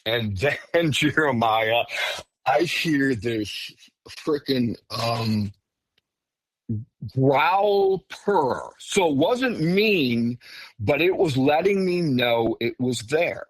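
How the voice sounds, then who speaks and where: A man telling his own story as a podcast guest in a casual, animated way, often breaking off and restarting. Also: medium pitch, very slow, dry recording. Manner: animated, self-interrupting, says "frickin'". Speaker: podcast guest recounting encounters.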